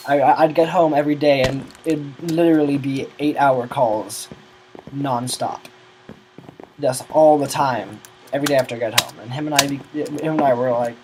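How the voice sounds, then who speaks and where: A man's voice: mid-range voice, slight background noise, rough recording. A teenage boy telling a long, rambling story about gaming friends, often losing his train of thought. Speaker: gamer recounting a server's history.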